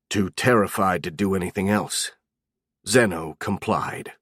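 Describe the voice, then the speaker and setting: Low-voiced male audiobook narrator. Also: measured pace, a bit bright, no room sound, studio quality. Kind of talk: scripted fantasy narration.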